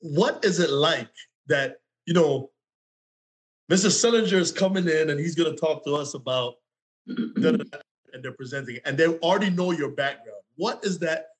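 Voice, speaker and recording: Higher-voiced man from Jamaica asking questions. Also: animated, moderate pace, rough recording. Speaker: co-host. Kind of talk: casual interview talk.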